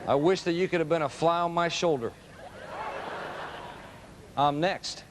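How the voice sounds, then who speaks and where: A man giving a motivational storytelling speech to a live audience, animated and emphatic. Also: on the high side, a little slow, background noise. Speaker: motivational speaker.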